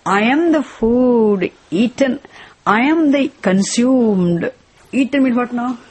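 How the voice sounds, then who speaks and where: Slow, husky woman teaching scripture. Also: a little high, lively intonation, darkish tone. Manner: slow, repetitive teaching with rhetorical questions. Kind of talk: spoken scripture lesson with chanted verses.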